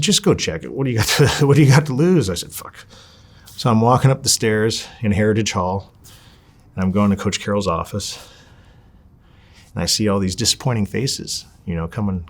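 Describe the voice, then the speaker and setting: A man with a very low, husky voice tells a long story from his past in a sit-down interview. He swears freely and jumps into the voices of the people he quotes, his voice rising as he acts them out. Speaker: interview subject.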